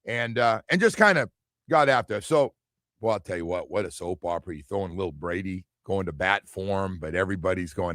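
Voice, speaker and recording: A man's voice: lowish voice, moderate pace, no room sound. Male sports-talk host, loose and rambling, acts out quotes, dry studio sound. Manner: rambling, animated, acts out others' lines. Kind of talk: casual sports talk radio.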